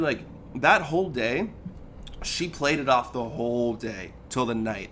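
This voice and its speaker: A man in his thirties co-hosts a podcast and tells a personal story in loose, casual chat, acting out the lines he quotes. His voice is mid-pitched and swings up and down as he gets into the story. A faint hiss sits under it. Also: moderate pace. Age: 30s. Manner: animated, acts out quoted lines, says "dude" and "like" a lot. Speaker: podcast co-host.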